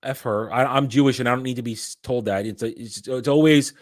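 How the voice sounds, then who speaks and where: A man's voice: medium pitch, quick pace, no echo, studio quality. A man hosting a casual commentary chat, ranting with lots of restarts. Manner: ranting, animated, frequent restarts. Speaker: host.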